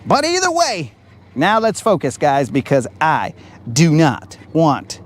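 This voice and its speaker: A man streaming live from a fishing boat on a lake, joking with his chat in a slangy way, his voice a bit raspy from talking. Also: a little high, huge pitch swings, slow pace. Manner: slangy, joking, talks to chat as bro and dog.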